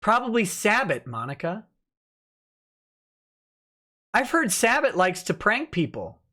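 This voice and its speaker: A man's voice: sits high, big pitch swings, slow pace, pushed and bright. A man hosting a laid-back legal livestream, speaking in a casual, conversational way. He reads filings and comments aloud and breaks in with sardonic, mocking remarks.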